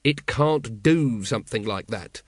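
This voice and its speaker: A man voicing a weary, cynical city watch captain who talks gruffly and impatiently, reading a storybook. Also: medium pitch, animated, a little slow, dry recording, clean studio sound. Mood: scornful.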